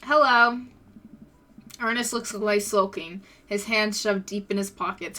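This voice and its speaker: A woman's voice: mid-range voice, steady tone, unhurried, pushed and bright. A woman from the United States streaming, reading a visual novel aloud with friends, giggly and self-deprecating.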